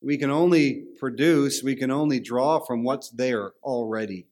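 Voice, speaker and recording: A man's voice: medium pitch, moderate pace, darkish tone. A man preaching a sermon, emphatic and repeating phrases for stress.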